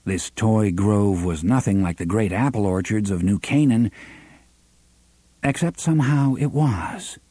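A man reading a novel aloud as an audiobook narrator, measured and unhurried, sometimes dropping to a soft half-whisper. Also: on the low side, husky, no room sound. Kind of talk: scripted narration.

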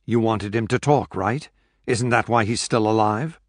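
A man's voice: on the low side, normal speed, no room sound, lightly acted. Male reader doing a cold captor figure for an audiobook: raised, clipped orders, dry sound. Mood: curt. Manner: loud commanding calls, clipped orders. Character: ruthless male captor calling across a boat deck.

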